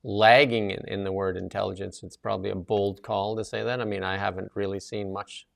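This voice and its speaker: A man with a low, gravelly voice co-hosts a casual talk show. He rambles through news items with plenty of fillers and restarts. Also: flat delivery, fairly quick. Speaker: co-host.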